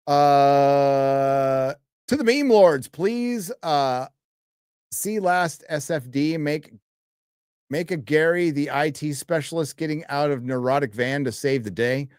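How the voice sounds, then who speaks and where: A man's voice: on the high side, takes it slowly, a little mellow, clear, resonant tone, no room sound, clean studio sound. A man hosting a casual live stream, reading viewer donations and messages aloud with an offhand, crude manner and many fillers. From United States. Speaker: livestream host reading donations.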